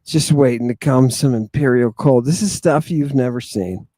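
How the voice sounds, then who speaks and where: A man hosts a livestream, chatting straight to his viewers with a theatrical flair and saying many lines twice. His voice is dark and mellow, and it sounds close and dry, with almost no room around it. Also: mid-range voice, normal speed, dry recording. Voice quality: repetitive, theatrical, addresses congregation. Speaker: livestream host. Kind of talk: casual livestream talk to viewers. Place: outdoors in the wind.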